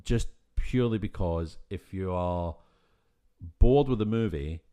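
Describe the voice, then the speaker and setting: A man's voice: low voice, a little slow, mellow, smooth. A man with a Scottish accent, co-hosting a podcast in casual, rambling chat with frequent restarts. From Scotland. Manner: rambling, with many restarts and fillers. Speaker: podcast co-host.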